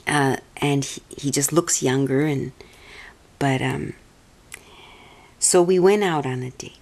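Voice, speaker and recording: A woman's voice: rumbling low, takes it slowly, vocal fry, darkish tone. A woman telling a personal story in a casual, meandering way, often restarting her sentences. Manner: meandering, chatty, many restarts. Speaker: vlogger.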